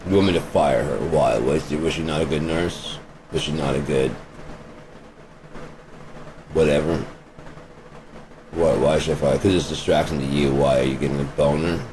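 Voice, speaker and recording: Deep-voiced male vlogger, crude and blunt, ranting from a car with road hum behind him. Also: normal speed, pauses often. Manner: profane, blunt, fires off rhetorical questions. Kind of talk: rambling opinion rant. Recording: steady vehicle road noise behind voice.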